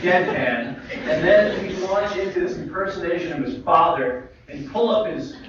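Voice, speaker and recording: A man's voice: high-pitched, animated, normal speed, background noise. Chatty man telling stories in an echoey hall. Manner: chatty, filler-heavy storytelling with humor. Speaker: physician speaker. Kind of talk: memorial tribute talk with anecdotes. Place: lecture hall. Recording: echoey hall, distant mic, dull livestream audio.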